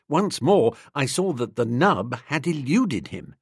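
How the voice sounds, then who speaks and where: Husky-voiced male audiobook narrator. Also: medium pitch, very animated, a little slow, hardly any pauses, no echo, studio quality. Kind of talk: scripted first-person narration.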